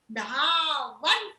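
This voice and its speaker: A woman teaching small children with puppets, animated and exclamatory, often checking in with "okay?". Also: high-pitched, roomy sound, rough recording. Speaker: kindergarten teacher.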